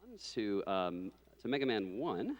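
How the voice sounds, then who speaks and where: A man's voice: fairly low pitch, sing-song, a little slow, highs cut off. A man presenting a live speedrun showcase, chatty and loose, joking with the others.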